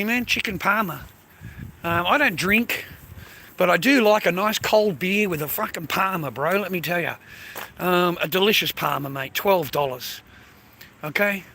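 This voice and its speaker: An Australian vlogger rambles loosely into his phone while out walking, swearing freely and calling listeners mate and bro. His voice sits high, creaky and bright, with a forceful tone, and the audio is poor.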